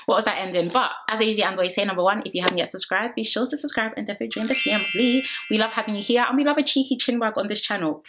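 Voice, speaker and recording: A woman's voice: mid-range voice, a bit bright. A young woman chats straight to her audience. Her talk is casual and gossipy, with dramatic emphasis and playful teasing asides. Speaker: reality TV reviewer. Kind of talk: casual review chat to viewers.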